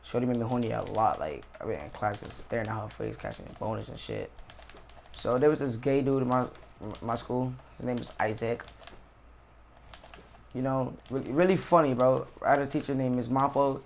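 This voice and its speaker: A young man casually telling a story about a school fight in slangy, animated street talk with swearing. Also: medium pitch, normal speed, gravelly, slight background noise. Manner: slangy, animated retelling with profanity.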